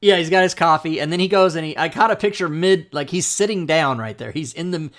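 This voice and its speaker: Rambling, animated male livestream host. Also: on the high side, a little fast. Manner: rambling, animated, laughs often, many restarts. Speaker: talk show host. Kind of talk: casual storytelling on a livestream.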